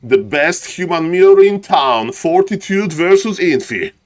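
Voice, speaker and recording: Excitable guy streaming esports commentary, kinda high voice, goes off on rambling tangents. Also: measured pace. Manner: hyped, showman patter, keeps saying "ladies and gentlemen"; rambling asides, playful. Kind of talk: live game commentary.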